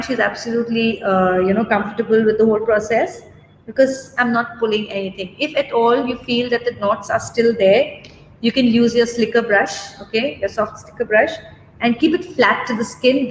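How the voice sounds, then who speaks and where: Woman, chatty groomer, reassuring, echoey room. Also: on the high side. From India. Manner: chatty, reassuring, many fillers and "okay?" checks. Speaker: dog groomer. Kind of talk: live demo and Q&A. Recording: roomy echo, faint background noise.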